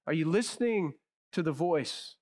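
Male preacher, fairly high voice, animated storytelling, hushed emphasis on key lines. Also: measured pace. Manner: emphatic, dropping to a hushed low voice on key phrases. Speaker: pastor. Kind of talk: sermon.

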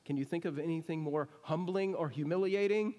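A pastor preaching, his voice sitting a touch high for a man. He keeps it conversational and keeps asking the congregation questions. The sound carries the long reverb of a church hall. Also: fairly quick, mellow. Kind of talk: sermon. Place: church sanctuary.

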